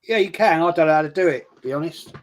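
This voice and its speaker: A man's voice: a little high, quick pace. A man co-hosting a live stream, chatting casually, easygoing and self-deprecating, with some hesitant restarts. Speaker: stream co-host.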